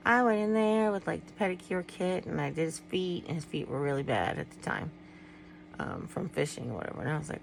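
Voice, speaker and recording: A woman's voice: low-pitched, expressive, brisk, gravelly, a little hiss or hum, low-quality recording. A middle-aged woman vlogging to her viewers in a candid, rambling way, often trailing off and restarting. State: tearful at times. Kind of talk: personal vlog, talking to viewers.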